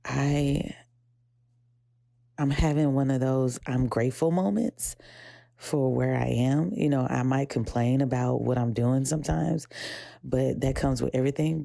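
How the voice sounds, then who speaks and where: Her voice is gravelly, low and dark-toned at a measured pace, cleanly recorded with no room sound. This Southern American young woman hosts a podcast of casual personal talk, reflective and rambling, mimicking her inner voice in a high pitch. She's emotional, sometimes tearing up.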